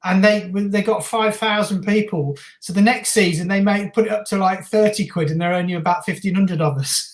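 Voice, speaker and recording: A man's voice: high-pitched, brisk, hardly any pauses. A man with a Birmingham accent co-hosting a casual football watch-along stream, chatting and reading viewer messages aloud. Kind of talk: casual live-stream chat. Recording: roomy echo.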